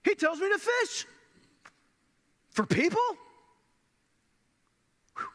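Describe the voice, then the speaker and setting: A man playing a male fisherman disciple in the first person, telling the story in a casual, halting way, with long church reverb. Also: high voice, sharp tone. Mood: awed. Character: grown male fisherman disciple, plainspoken and awestruck. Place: church sanctuary.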